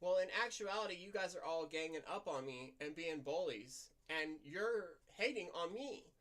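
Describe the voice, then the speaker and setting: Woman, vlog monologue, slightly nasal, softened practiced voice, blunt, venting, rambling. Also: on the low side, animated, normal speed. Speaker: vlogger. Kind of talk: candid personal vlog monologue.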